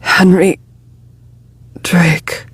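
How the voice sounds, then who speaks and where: A dying male space agent, read by a woman, pushing out each broken phrase with effort. The voice sits a little higher than her own, and the sound is close and dry. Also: slow pace, slightly rough, no room sound, heavily acted. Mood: dying, strained.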